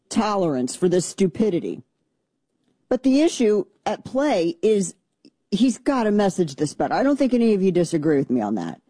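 A woman's voice: on the high side, warm tone, breathy edge, dry recording. A middle-aged woman hosting political talk radio, blunt and sarcastic, speaking into a studio microphone. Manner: blunt, combative, sarcastic, mocking mimicry of opponents. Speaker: radio talk show host.

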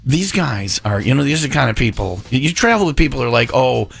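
A man's voice: medium pitch, sing-song, fast, creaky, a bit bright, faint music behind. A man from Wisconsin hosting a morning radio show, joking around and rambling, often correcting himself mid-sentence. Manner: jokey, rambling, self-correcting. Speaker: radio host.

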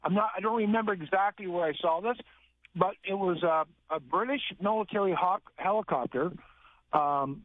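Brief: male caller, somewhat high voice, halting delivery, thin dry phone-line sound. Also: no echo. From Alberta, Canada. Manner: halting, many fillers, hesitant. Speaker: caller, Air Force veteran.

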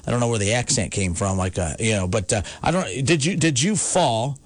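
A man's voice: mid-range voice, sing-song, brisk, hardly any pauses, no room sound. A man hosting a call-in sports talk show from the United States, ranting emphatically, with repeated words and restarts. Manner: emphatic, repetitive, stammering restarts. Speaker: sports radio host.

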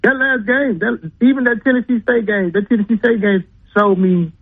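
A man's voice: high-pitched, fairly even intonation, normal speed, breathy edge. A man calling in to a sports radio show, talking football in a rambling way with repeated words. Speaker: caller, football fan. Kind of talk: casual call-in chat. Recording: phone line.

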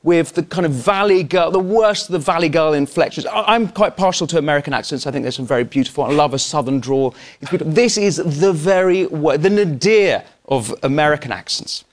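A man's voice: fairly high pitch, brisk, few pauses. A man on a panel show giving witty, scornful commentary. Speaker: panel guest.

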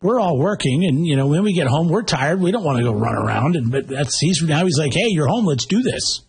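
A man in a casual chat who jokes around and gives blunt opinions. His voice sits a little high and sounds husky. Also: lively intonation, a little fast, a little mellow. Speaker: podcast co-host.

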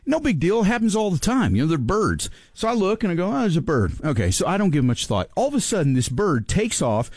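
A man hosting a talk show, telling a story in an animated, excitable way and laughing often. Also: high voice, fast, hardly any pauses, no echo, studio quality. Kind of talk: casual storytelling chat.

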